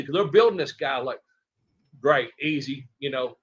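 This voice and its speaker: A middle-aged man from Tennessee, a retired wrestler telling rambling, animated stories as an interview guest and acting out other people's lines. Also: medium pitch, moderate pace. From Tennessee, USA. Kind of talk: casual storytelling interview. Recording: dull lo-fi audio.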